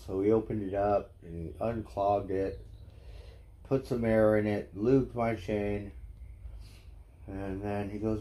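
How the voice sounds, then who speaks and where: Casual male streamer, slow and rambling, coos at his cats in a high voice, warm tone. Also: steady tone. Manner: rises to a high, soft baby-talk voice for the cats; rambling, offhand storytelling. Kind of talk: casual live-stream chat, talking to cats. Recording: echoey room with faint ambient noise.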